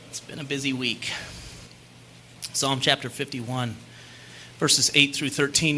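A young man preaching a sermon, fervent and at times shouting, then easing into joking asides. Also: mid-range voice, steady tone, normal speed, pauses often.

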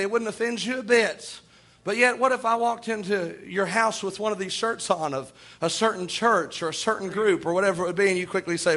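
A man's voice: sits high, brisk, bright, forceful tone. A man preaching a sermon in a folksy storytelling way, often chuckling and repeating "oh my".

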